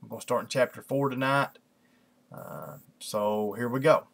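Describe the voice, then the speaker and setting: A man with a gravelly, mid-pitched voice chats casually at his computer before a Bible reading. He rambles and leans on fillers like "you know" and "kinda". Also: moderate pace, a bit bright. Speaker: lay preacher hosting an online Bible study. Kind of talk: casual chat then scripture reading.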